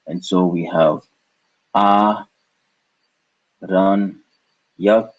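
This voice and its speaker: A man's voice: deep voice, a little mellow, lo-fi sound. A man teaching a language lesson, patiently breaking words into syllables and repeating them.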